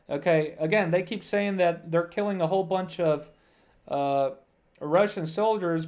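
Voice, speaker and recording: A man's voice: fairly high pitch, darkish tone. A man giving casual news commentary to his viewers over a map, talking loosely with many "uh" fillers and calling the audience "guys".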